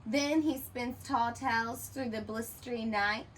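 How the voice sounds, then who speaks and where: A woman's voice: fairly high pitch, fairly even intonation, unhurried, slight background noise, poor audio. A woman teacher reading a children's picture book aloud, expressively, and stopping to ask the listener questions.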